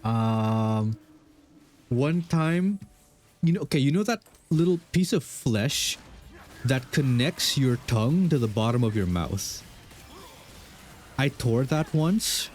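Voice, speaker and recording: A man's voice: mid-range voice, a little mellow, a little hiss or hum. A young man streaming a game, casually rambling through questions with lots of fillers and self-deprecating asides. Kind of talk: casual chat while gaming.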